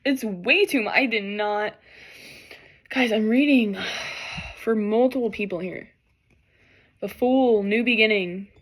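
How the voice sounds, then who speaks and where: A woman doing an emotional tarot reading for the camera, talking in halting, apologetic bursts and tearing up. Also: mid-range voice. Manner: tearful, overwhelmed, halting and apologetic. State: crying at times. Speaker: tarot reader.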